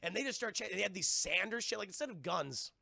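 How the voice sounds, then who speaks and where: A man's voice: high-pitched, expressive, fast, vocal fry, sharp tone, dry recording, shouting. A man who streams cartoon reviews, recapping an episode in a rambling, profane way and addressing his chat. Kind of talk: casual livestream episode recap.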